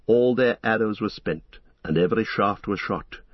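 A man narrating a storybook reading in a steady, measured way. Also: on the low side, no echo. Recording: dull lo-fi recording.

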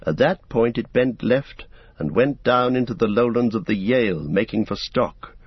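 A man reading a novel aloud as an audiobook narrator in a steady storybook manner. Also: medium pitch, moderate pace, slightly rough, dry recording. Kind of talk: scripted narration. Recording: dull, dry lo-fi recording.

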